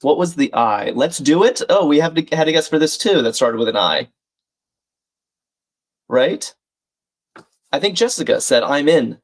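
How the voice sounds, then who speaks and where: A crossword livestreamer with a higher-pitched, animated voice speaks a little slowly with long pauses. As he solves, he reasons aloud, reads out clues and the names in chat, and offers friendly remarks to viewers.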